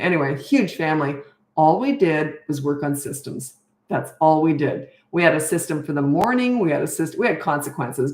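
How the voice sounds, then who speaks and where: A middle-aged woman with a lowish voice talks through viewer questions as a parenting coach. She sounds tired and rambles from point to point in an easy, chatty way. The room around her rings with a noticeable echo. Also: a little mellow. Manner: chatty, wandering off on tangents. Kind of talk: live Q&A chat. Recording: roomy echo.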